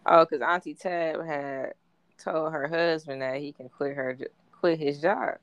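A woman co-hosting a casual podcast chat, telling stories in a relaxed, slangy way. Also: deep voice, unhurried, no room sound, lo-fi sound. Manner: laid-back, slangy storytelling. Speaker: podcast co-host.

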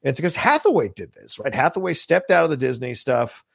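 A man's voice: medium pitch, very animated, quick pace, creaky, slightly rough, no echo, studio quality. A man co-hosting a casual podcast, rambling enthusiastically about movies and swearing now and then. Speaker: podcast co-host.

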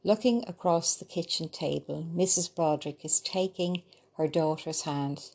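A woman reading a story aloud, slow and gentle, with small slips. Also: sits low, vocal fry. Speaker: narrator. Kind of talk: storytelling narration.

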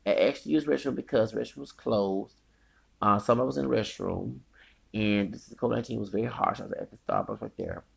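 Man, gravelly and husky, unscripted profane podcast rant, loud then mumbling. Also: fairly low pitch. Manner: rambling, profane, repeating himself; swings from loud outbursts to quiet mumbling.

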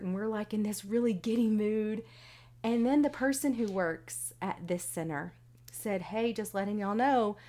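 A middle-aged woman telling a personal story, acting out her own past lines with big jumps in pitch. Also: a little mellow. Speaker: vlogger sharing a personal story.

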